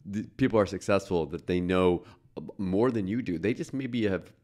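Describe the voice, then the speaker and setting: A man's voice: low-pitched, moderate pace, a little mellow. A man hosting a reaction video, commenting casually on a clip he plays, with frequent filler words.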